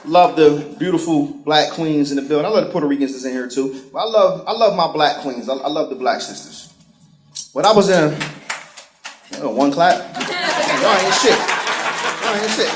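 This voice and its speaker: A man's voice: on the high side, normal speed, background noise. A male stand-up comedian, telling profane, sarcastic stories and putting on voices. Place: comedy stage before a live crowd. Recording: roomy live venue with crowd laughter.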